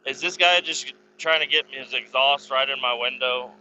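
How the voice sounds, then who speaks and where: A man's voice: mid-range voice, normal speed, sharp tone, dull audio, slight background noise. A man casually telling rambling, profanity-laden stories about his past while sitting in a car, chuckling now and then. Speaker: vlogger telling life stories. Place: inside a car while driving.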